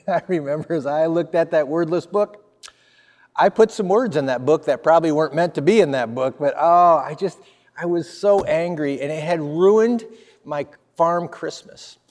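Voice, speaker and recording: A man in his fifties, a pastor, telling a personal story in a sermon with lively swings of energy. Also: fairly high pitch, normal speed, long reverb tail.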